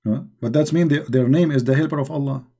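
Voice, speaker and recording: A fast-talking online debate host with a warm, medium-pitched voice runs a live discussion. His style is mocking and emphatic, full of repetition, and his English grammar is non-native.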